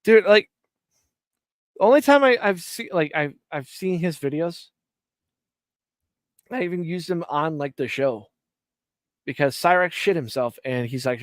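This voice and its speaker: A man's voice: on the high side, lively intonation, moderate pace, pauses often, no room sound, clean studio sound. A man from Ireland hosting a live stream, chatting casually in rambling, profane, jokey rants. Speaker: stream host.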